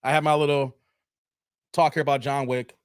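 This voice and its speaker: A man hosts a casual live stream in a clear, resonant voice of medium pitch that barely moves, at a moderate pace, with clean studio sound and no room echo. He chats loosely with viewers and answers their comments, often throwing in "man," and comes off brash and defiant toward his critics.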